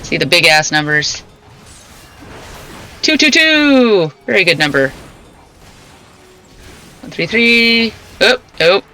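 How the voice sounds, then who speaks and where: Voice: medium pitch, animated, a little slow, long pauses, bright, forceful tone, faint music behind, low-quality recording. A streamer in casual let's-play commentary, playful and chatty, reading game lines aloud between remarks.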